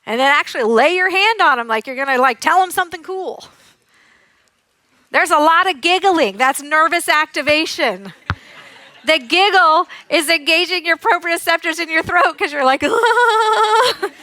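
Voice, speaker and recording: A woman occupational therapist giving a lively, demonstrative conference talk, acting out sounds and giggling as she teaches. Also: very high voice, normal speed, dry recording. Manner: giggles often while teaching. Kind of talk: live conference presentation.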